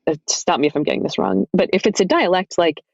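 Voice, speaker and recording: An audiobook narrator chatting as a podcast guest, thinking out loud with plenty of "like". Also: mid-range voice, lively intonation, fast talker, no echo, lo-fi sound. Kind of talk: casual roundtable discussion.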